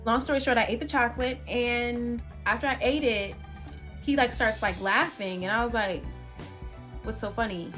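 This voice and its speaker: A young woman chats straight to her viewers in a casual storytime, her fairly high voice bouncing around as she gets animated and exclaims. Soft music plays faintly behind her. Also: moderate pace. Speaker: vlogger.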